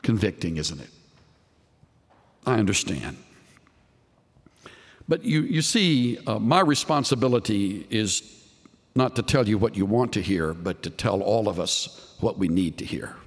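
A man preaching a sermon, earnest and searching, asking his listeners rhetorical questions and dropping low on the tag questions. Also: lively intonation, unhurried, long pauses, big-room sound.

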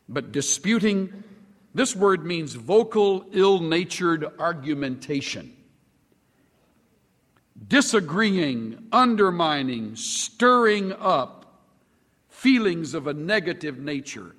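A man delivers a sermon in an unhurried, deliberate way, leaning hard on single words. His pitch sits a bit high and leaps widely as he stresses a point. The sound carries the long reverb of a large hall. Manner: animated, sweeping pitch swings with slow drawn-out emphasis. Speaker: pastor.

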